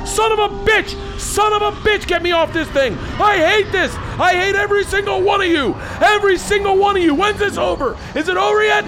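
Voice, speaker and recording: A man's voice: very high-pitched, brisk, hardly any pauses, pushed and bright, soft background music, a faint crowd, voice pushed up, heavily acted. A man impersonating his panicked father of about seventy, screaming curses on a thrill ride. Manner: shrieking, furious swearing.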